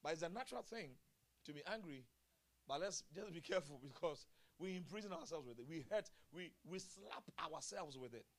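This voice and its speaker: Chuckling pastor preaching a sermon. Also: male voice, on the high side, lively intonation, a little fast. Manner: chuckling often, swinging from quiet murmurs to loud exclamations. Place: church service.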